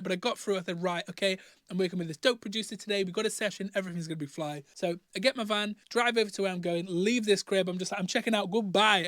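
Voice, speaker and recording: A young man with a Teesside accent, a musician telling studio stories in a slangy, animated way, acting out what people said. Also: sits high, dry recording. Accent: Teesside English. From Northeast England. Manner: animated, slangy storytelling with acted-out quotes. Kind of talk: storytelling vlog.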